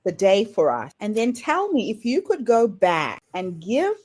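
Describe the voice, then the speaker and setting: A woman host leads her guest through imagined scenes with a lively, swooping pitch. She sounds encouraging and a little theatrical, painting each question as a vivid picture before asking it. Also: measured pace, slightly rough. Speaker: interview host. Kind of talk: guided interview questions.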